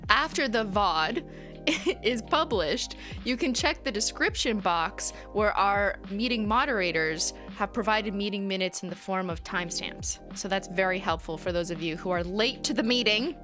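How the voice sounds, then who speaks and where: A woman's voice: mid-range voice, lively intonation, normal speed, bright, forceful tone, faint music behind. A woman hosting a casual livestream, reading out chat messages with playful, giggly, mock-corporate banter.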